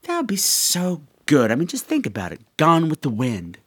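Animated chatty man hosting a podcast. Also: a little high, moderate pace, few pauses, husky, dry recording, studio quality. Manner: chatty, animated storytelling with campy asides. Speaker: podcast host. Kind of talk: casual chat.

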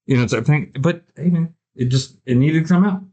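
A man's voice: a little high, fairly quick, mellow. A man hosting a podcast in casual chat, laid-back and profane, peppering his talk with "man" and "you know". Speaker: podcast host.

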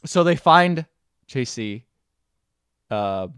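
A man hosting a podcast, casually retelling a movie's plot and acting out the characters' lines in quick bursts. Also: medium pitch, expressive, fairly bright tone, clean tone, dry recording, studio quality. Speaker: podcast host.

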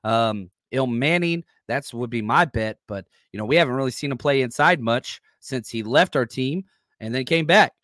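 A man's voice: mid-range voice, moderate pace, fairly bright tone, dry recording, studio quality. A man hosting a live sports podcast, talking loosely and energetically while reading chat comments aloud. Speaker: podcast host.

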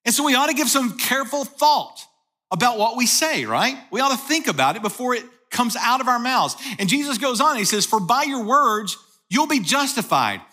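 Animated, bright-voiced male preacher. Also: very high voice, moderate pace. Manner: storytelling, emphatic repetition. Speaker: pastor. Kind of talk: sermon.

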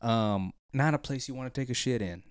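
A man's voice: medium pitch, a little fast, clear, resonant tone, no room sound, studio quality. A man, co-hosting a casual chat and telling crude, jokey stories.

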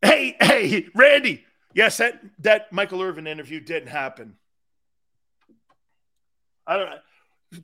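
Excitable high-voiced sports show host. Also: male voice, slow, long pauses. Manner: animated, joking, jumps between chat comments. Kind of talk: live-stream sports talk, reading chat.

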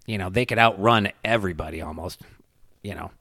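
Man, lowish voice, casual rambling storyteller with heavy fillers and cursing, dry sound. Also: brisk, sharp tone, no room sound. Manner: rambling, many fillers, swears freely.

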